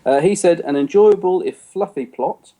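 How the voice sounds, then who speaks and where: A man's voice: high-pitched, moderate pace, dark tone. A man co-hosting a podcast in casual chat, rambling a little and laughing often. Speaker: podcast co-host.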